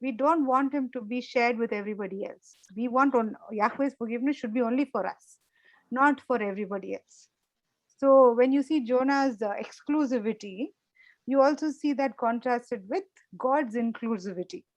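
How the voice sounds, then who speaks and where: Woman teaching a bible study, kinda high voice, chatty, keeps asking the group questions, dry close sound. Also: moderate pace, dry recording, low-quality recording. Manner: conversational, repeats points, asks the group questions.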